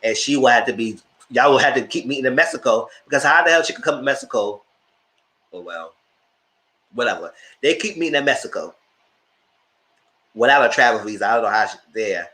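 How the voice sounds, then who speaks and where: A man's voice: mid-range voice, fairly quick, long pauses. Opinionated man doing casual TV commentary. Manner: animated, opinionated, talks straight to viewers. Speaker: host reviewing reality TV.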